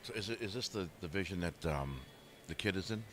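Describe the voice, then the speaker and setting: A man co-commentating a pool match in a chatty, friendly way, trading quick banter. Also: low voice, lively intonation, noisy background. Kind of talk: casual live commentary.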